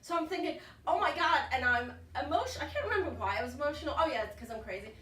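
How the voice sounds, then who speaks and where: Older woman, comic storyteller, bright and excitable, miked from a distance. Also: high voice, racing, reverberant. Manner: animated, frantic when quoting herself.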